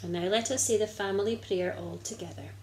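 A woman narrating a children's Bible story and leading a prayer in an expressive storytelling manner. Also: mid-range voice, a little fast, roomy sound, a little hiss or hum, low-quality recording.

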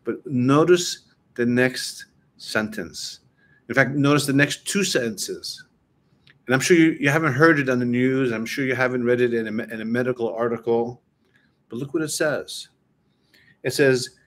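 Man giving a casual sermon talk. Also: mid-range voice. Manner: conversational, many restarts, reads scripture slowly. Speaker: preacher and teacher.

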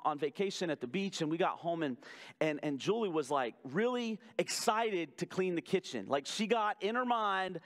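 A male pastor delivers his sermon in a notably high voice, talking to the congregation like a friend. He mixes sarcastic asides with phrases he stretches out slowly for weight. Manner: conversational and animated, with sarcastic asides and emphatic slow phrases.

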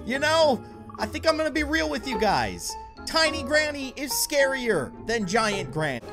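A gaming YouTuber giving let's play commentary with animated, playfully dramatic reactions. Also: high voice, a little slow, over music.

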